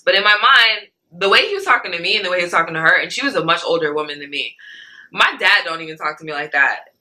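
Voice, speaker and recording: A young woman telling a story as an interview guest in casual talk. She is animated, acts out what others said, and fills her speech with "like" and "right?". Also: lowish voice, fast, poor audio.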